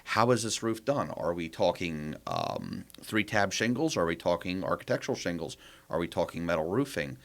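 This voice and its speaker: A man's voice: low voice, sing-song, normal speed, creaky. A man, a property manager guest on a podcast, explaining his process in a casual interview, walking through rhetorical questions one after another.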